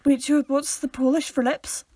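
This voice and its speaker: A chatty young woman with a fairly high voice co-hosts a casual podcast, giggling and hopping from topic to topic. Her voice is recorded close and dry, with no room around it. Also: little pitch movement, normal speed, warm tone, dry recording. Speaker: podcast co-host. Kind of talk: casual chat.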